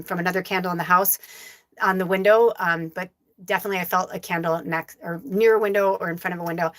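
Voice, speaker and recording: A woman's voice: medium pitch, a bit bright. A woman psychic medium giving a live channeled reading and telling a personal story in a rambling, casual way, with lots of fillers and some swearing.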